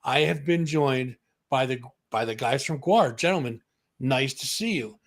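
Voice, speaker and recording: Co-hosting a music talk show, a man tells a story in casual conversation and performs the voices of its characters. His voice is mid-range and expressive, his pace measured.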